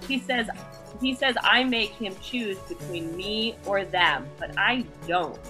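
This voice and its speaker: A woman hosting a podcast, reading listener questions aloud and giving her opinions in an animated way, laughing often. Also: mid-range voice, takes it slowly, music in the background. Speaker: podcast host.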